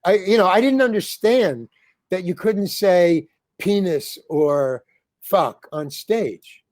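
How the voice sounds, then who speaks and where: A man's voice: sits high, takes it slowly, a little mellow, no echo, clean studio sound. An older man, a comedian and actor, telling rambling stories with many restarts and acting out the lines he quotes. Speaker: comedian and actor, interview guest. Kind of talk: rambling storytelling in conversation.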